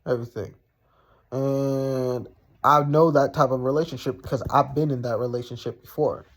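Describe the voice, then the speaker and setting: A man's voice: medium pitch, steady tone, normal speed. Young man telling a blunt storytime. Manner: profane, blunt, rambling with many fillers. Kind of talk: casual storytime.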